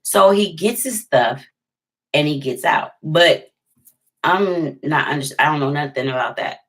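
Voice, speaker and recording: A woman's voice: sits low, measured pace, a bit bright. A woman vlogger telling a personal story in a casual, emphatic way, often repeating phrases for effect.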